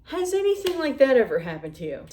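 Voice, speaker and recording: A woman's voice: high-pitched, heavy background noise. Chatty woman telling stories in an echoey kitchen. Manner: animated, chatty, talking while eating. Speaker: vlogger. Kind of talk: casual storytelling. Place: home kitchen. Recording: echoey room.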